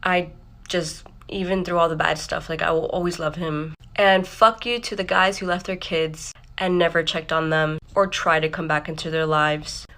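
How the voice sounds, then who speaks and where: A woman's voice: low-pitched, fairly even intonation, moderate pace, a bit bright. A woman telling a personal story in a casual storytime, blunt and candid, with lots of "like" and some swearing.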